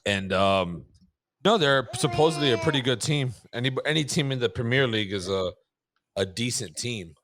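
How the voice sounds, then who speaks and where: A man's voice: medium pitch, animated, normal speed, noisy background. A man co-hosting a podcast, a father telling funny everyday stories in a casual, profane way. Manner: storytelling, profane, laughing easily. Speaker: podcast co-host. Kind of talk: casual chat.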